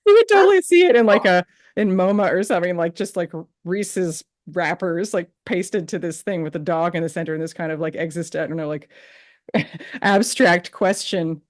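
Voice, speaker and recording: A woman's voice: on the low side, normal speed. Chatty woman podcast host. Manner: chatty, laughing, animated storytelling. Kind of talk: casual interview chat.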